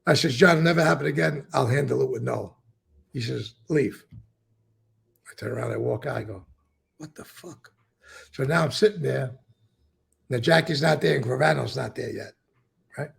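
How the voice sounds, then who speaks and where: A man's voice: medium pitch, brisk. A man telling stories about his past in a casual interview, acting out what others said and swearing often. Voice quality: gravelly, husky voice. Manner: acts out quoted dialogue, repeats words, swears. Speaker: former mobster telling stories.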